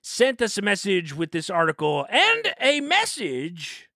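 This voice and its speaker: A man co-hosting a casual comedy podcast, animated and joking, swearing freely as he riffs on news stories. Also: high voice, unhurried, gravelly, dry recording, studio quality. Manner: animated, swears freely, slips into silly accents for bits. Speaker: podcast co-host.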